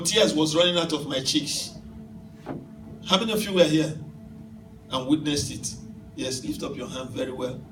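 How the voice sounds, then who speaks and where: A man delivers an emphatic sermon, telling a story and now and then rising to a shout. His voice sits high for a man. He sounds distant from the microphone, with the room ringing around him in a reverberant hall. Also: a little hiss or hum. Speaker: preacher. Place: church hall. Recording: echoey hall from far off.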